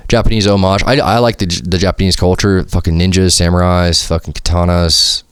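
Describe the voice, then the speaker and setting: A man with a low, deep voice talks through a solo podcast in a loose, rambling way. He peppers his talk with slang, swearing and "you feel me". The sound is close and dry, with no room around it. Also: fairly even intonation, fairly quick, clear, resonant tone, dry recording. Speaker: podcast host. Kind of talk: casual solo podcast monologue. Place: home studio.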